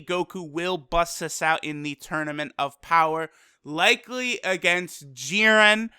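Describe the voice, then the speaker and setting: A man recapping an anime episode in a casual, energetic way, acting out the characters' quoted lines as he goes. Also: sits high, clean tone, no room sound, studio quality. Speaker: anime reviewer.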